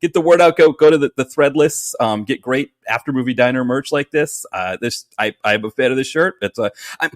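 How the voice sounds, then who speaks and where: A man chatting as a podcast guest, animated and rambling with many fillers. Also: mid-range voice, brisk, no room sound. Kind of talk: casual chat.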